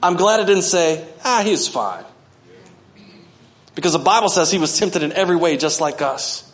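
A man preaching a sermon as pastor, animated, often acting out voices and swinging from loud to hushed. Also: on the high side, moderate pace. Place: church.

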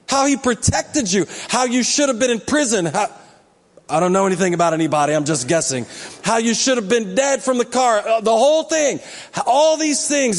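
A pastor with a fairly high voice preaches in a relaxed, chatty way and builds to urgent, emphatic appeals. His voice carries a long reverb from the big church sanctuary around him. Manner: conversational, joking, rising into emphatic exhortation. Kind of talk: sermon.

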